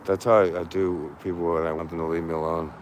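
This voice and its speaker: Low-voiced man rambling on a street. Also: flat delivery, fast, noisy background. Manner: rambling, chatty, coos at cats. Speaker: vlogger. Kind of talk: casual walking vlog. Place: outdoors on a neighborhood street at dusk.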